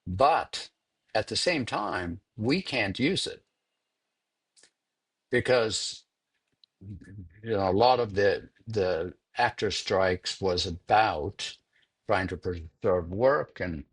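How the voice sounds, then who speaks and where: Husky older man telling a story. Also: fairly low pitch, lively intonation. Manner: unhurried, repeats words while thinking. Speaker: interviewed sound editor. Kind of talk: conversational interview storytelling.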